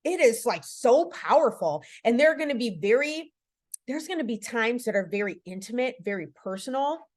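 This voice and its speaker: Woman, 30s, podcast host, coach, earnest, conversational, fairly high voice. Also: lively intonation, moderate pace. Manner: earnest, conversational, lots of "like" and "right?". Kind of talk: casual faith-based podcast talk.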